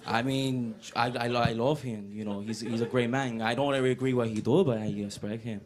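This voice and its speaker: A man wrapping up a stand-up set with halting, stammering talk. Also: mid-range voice, steady tone, crowd noise. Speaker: stand-up comic.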